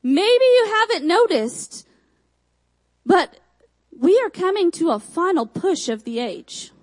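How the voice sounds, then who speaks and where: A young woman from Michigan with a Texan accent, preaching a sermon with emphatic repeated phrases and quick asides. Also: very high-pitched, sing-song, a little mellow, low-quality recording.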